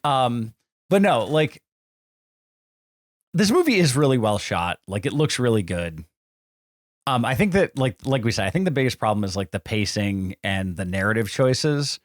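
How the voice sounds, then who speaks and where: A man's voice: mid-range voice, no room sound. A man co-hosting a podcast, chatting casually about films and dropping dry, joking asides. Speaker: podcast co-host.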